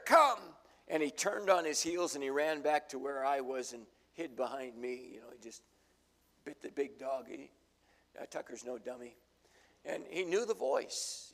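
An older man preaching a sermon in a folksy, storytelling way, acting out the voices in his stories. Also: medium pitch. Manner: folksy storytelling, acts out quotes. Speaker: pastor.

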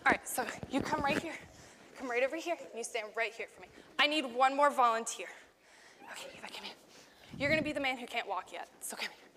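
Young woman Bible teacher, high voice, playful with kids, reverberant hall. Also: fast, background noise. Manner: playful, animated, laughing often. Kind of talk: acting out a Bible story with children.

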